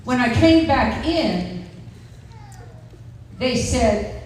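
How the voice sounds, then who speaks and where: A woman's voice: high-pitched, moderate pace. A woman in her sixties telling her testimony at church, emphatic and storytelling, acting out what people said. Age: 60s. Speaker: testimony speaker. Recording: echoey room, distant mic, faint noise.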